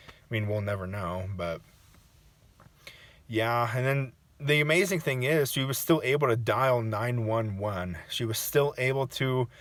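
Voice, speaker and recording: Man vlogger, emotional, halting delivery, mid-pitched, close dry sound. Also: fairly bright tone, dry recording. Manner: emotional, halting, restarting sentences. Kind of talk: casual personal reaction vlog.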